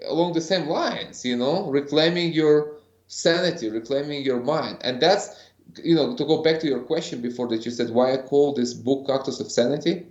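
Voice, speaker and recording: A man's voice: a little high, moderate pace, darkish tone, echoey room, highs cut off. A man being interviewed as a guest, telling an earnest story and acting out what others said. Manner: earnest, re-enacts other people's words in quotes. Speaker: podcast guest, ceremony facilitator.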